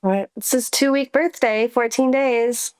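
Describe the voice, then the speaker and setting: A woman's voice: on the high side, steady tone, normal speed, a little mellow, smooth, dry recording. A woman, a new mother, guesting on a podcast, chatting casually with plenty of laughter and self-deprecating humor.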